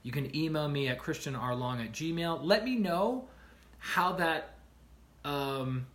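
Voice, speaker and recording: A man with a voice pitched a little higher than most, talking casually on a livestream. He tells stories in an animated way, acts out the people in them, and keeps asking "right?" to check in with his listeners. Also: slow pace. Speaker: life coach streaming to viewers.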